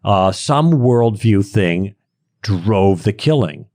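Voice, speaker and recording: Low, mellow-voiced man explaining emphatically. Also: expressive, slow, no room sound, clean studio sound. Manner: emphatic, lecturing, stressing key words. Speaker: podcast guest, Christian apologist. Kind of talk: conversational explaining.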